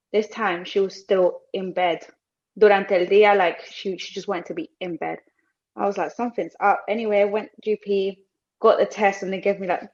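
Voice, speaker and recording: A woman's voice: medium pitch, dull audio. A young woman from Colombia with a British English accent, telling her story as a podcast guest and slipping Spanish phrases into her English. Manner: animated, acts out other people's lines. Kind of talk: casual storytelling.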